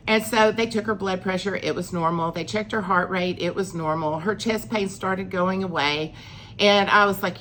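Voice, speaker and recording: A woman's voice: mid-range voice, steady tone, normal speed, a bit bright, a little hiss or hum. A middle-aged woman, telling a personal story in a chatty vlog, acting out what people said. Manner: chatty, acts out quoted lines with rising emphasis. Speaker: vlogger.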